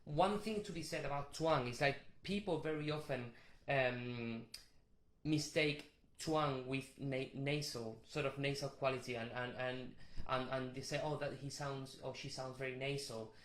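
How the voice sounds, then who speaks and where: A man teaching a vocal warm-up, explaining technique with restarts and short sung demonstrations. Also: medium pitch, steady tone, measured pace, reverberant. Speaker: vocal coach.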